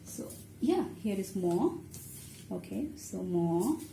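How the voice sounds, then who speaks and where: Woman teacher, unhurried and patient, step-by-step lesson delivery; roomy recording with faint ambience. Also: mid-range voice, big pitch swings, gravelly, mellow, a little hiss or hum. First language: Bengali. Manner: patient, explaining step by step while writing. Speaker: language teacher. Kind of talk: online language lesson. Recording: echoey room with faint ambience.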